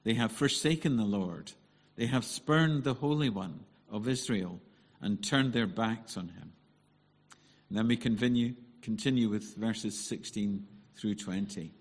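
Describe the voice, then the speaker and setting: Scottish man, lower voice, soothing, measured bible reading, church reading. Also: big-room sound. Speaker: scripture reader.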